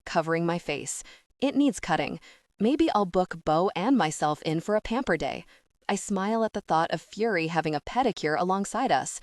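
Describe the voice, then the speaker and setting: A woman narrating a first-person romance audiobook in an expressive voice. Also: lowish voice, no room sound, studio quality, distant mic.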